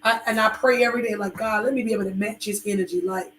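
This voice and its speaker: A woman's voice: medium pitch, steady tone, quick pace, fairly bright tone, reverberant. Chatty woman. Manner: rambling, candid, with many fillers. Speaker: podcast co-host. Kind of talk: casual chat with her husband.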